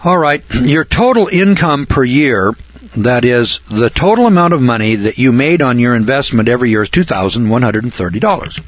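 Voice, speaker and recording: A man's voice: medium pitch, animated, brisk, dry recording. A man lecturing through a list of figures, folksy and sarcastic, now and then breaking into mock amazement. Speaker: financial lecturer. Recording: dull, lo-fi dry recording.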